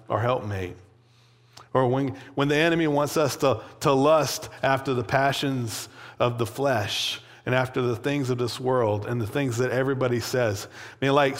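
A man preaching a sermon in a loose, conversational way, often checking in with "right?" and acting out quoted voices. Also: medium pitch. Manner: conversational, animated, frequent "right?" asides. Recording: long hall reverb.

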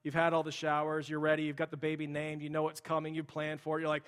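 A man's voice: fairly high pitch, little pitch movement, fast, few pauses, smooth. A young adult man, a pastor, preaching a sermon in a conversational way with casual asides, in a large church sanctuary. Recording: long hall reverb.

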